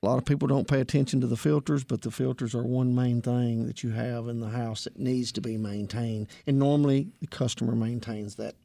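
A plainspoken man with a Southern accent speaks as a radio guest, his voice gravelly with steady fry. He fills his answers with ums and folksy grammar. The studio sound is close and dry. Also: medium pitch, a little fast, hardly any pauses, dry recording. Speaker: HVAC technician guest.

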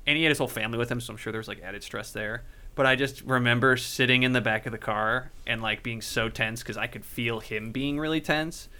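A man from a Cleveland suburb co-hosting a podcast, telling stories in a chatty, animated way full of fillers. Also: medium pitch, fairly quick. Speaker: podcast co-host. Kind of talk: casual chat and storytelling.

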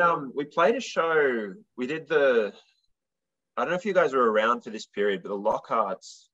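A young man chats loosely in an interview, his speech full of likes and ums. His voice sits a little low, and the recording sounds dull and lo-fi. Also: sharp tone. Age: young adult. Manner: rambling, filler-heavy storytelling. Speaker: musician guest. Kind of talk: casual interview chat.

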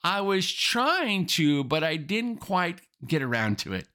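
A man's voice: a little high, big pitch swings, a little slow, bright, forceful tone, full character voice. A man voicing an unprepared, easygoing male marathon runner who talks in an offhand, excuse-making way. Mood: sheepish.

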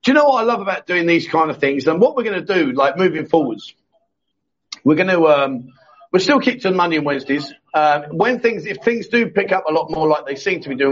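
A man hosting a casual live chat show, reading out viewer comments and joking with his co-host. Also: a little high. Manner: jokey, banters with co-host, frequent restarts. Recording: dull lo-fi stream audio.

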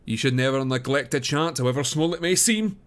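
A man's voice: medium pitch, brisk, fairly bright tone, clear, resonant tone, close to an everyday voice. A man reading aloud, voicing a clipped, sententious detective. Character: sharp, aloof male detective, middle-aged.

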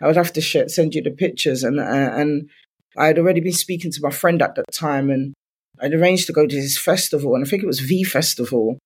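A woman's voice: low-pitched, a little fast, a little mellow, breathy edge. A woman, a guest in an interview, candidly retelling her own story in loose speech full of "like" fillers.

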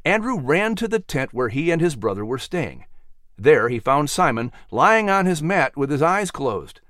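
A man narrating a storybook in an expressive, animated way. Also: fairly high pitch, normal speed, no echo, clean studio sound.

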